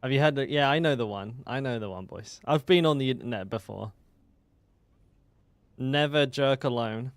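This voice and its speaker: A man's voice: mid-range voice, moderate pace, dry recording. A British man chatting casually with his stream chat while gaming, joking and swearing. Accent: British English. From Britain.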